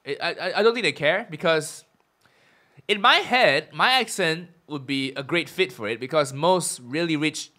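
Young malaysian guy, mid-atlantic accent, bright voice, laughing at himself on a podcast. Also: animated, normal speed. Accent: mid-Atlantic mix. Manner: self-mocking storytelling, drops his voice low when recounting. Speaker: guest comedian. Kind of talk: casual podcast chat.

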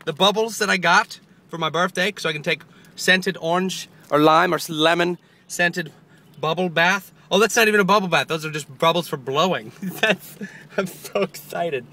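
Excitable rambling man outdoors. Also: a little high, moderate pace. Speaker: vlogger. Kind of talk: casual chat. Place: outdoors near a parking lot.

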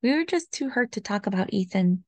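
A kind, earnest father from a children's picture book, read aloud by a woman. The voice is gentle with a light creaky fry. It is recorded close and dry. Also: mid-range voice, lively intonation, fairly quick, no room sound. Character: kind grieving father in a storybook.

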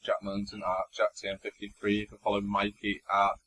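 A man's voice: lowish voice, monotone, fairly quick, a bit bright, poor audio. A young man co-hosting a podcast, chatting and telling stories in a laid-back, mildly sweary way. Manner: chatty storyteller, swears mildly, laughs often. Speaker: podcast co-host. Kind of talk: casual chat.

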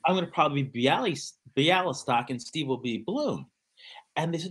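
A man's voice: fairly high pitch, normal speed, slightly rough. A middle-aged man telling a story in a casual interview, acting out the dialogue he quotes. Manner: animated storyteller who acts out quoted dialogue. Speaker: guest actor and choreographer.

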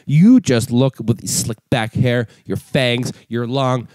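A young man hosting his own podcast, ranting with mocking, profane humor and breaking into high voices to act out other people. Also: slow, darkish tone, no room sound. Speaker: podcast host. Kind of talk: comedic rant.

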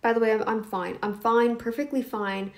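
A woman's voice: fairly high pitch, fairly even intonation, moderate pace. A woman hosting a reaction video, rambling and laughing often, feeling mentally off. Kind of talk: casual commentary.

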